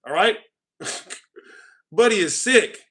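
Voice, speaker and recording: A man's voice: sits high, animated, slow pace. A young man hosting a casual livestream, ranting at and mocking his chat. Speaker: livestream host.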